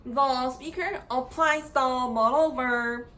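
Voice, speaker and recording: A woman explaining grammar in a slow, halting lecture, often repeating words as she searches for phrasing. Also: sits high, a bit bright, poor audio.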